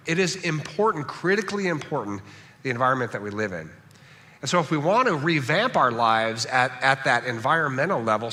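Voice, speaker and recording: A man's voice: mid-range voice, bright, forceful tone. A man from Southern California, a pastor giving a conversational sermon that he keeps punctuating with "right?". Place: church sanctuary. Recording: long reverb of a church hall.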